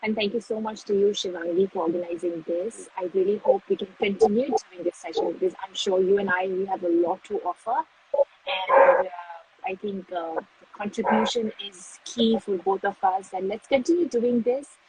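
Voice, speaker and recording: A woman's voice: medium pitch, normal speed, darkish tone, husky, rough recording. A woman as a guest on a casual live-stream interview, speaking effusively and laughing often, heard through a phone. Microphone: phone on a live video stream.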